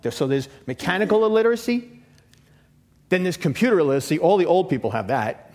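A man's voice: sits high, very animated, fast talker, a little mellow, a little hiss or hum. A middle-aged man preaching a sermon in a casual, conversational way, often checking in with "okay?" and repeating himself for emphasis. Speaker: pastor.

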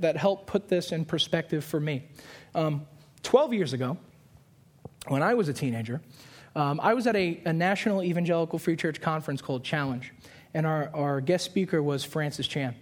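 A man in his twenties preaching a sermon, telling a story with animated voices and repeating key lines for emphasis. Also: fairly high pitch. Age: 20s. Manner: storytelling with animated put-on voices and quick asides.

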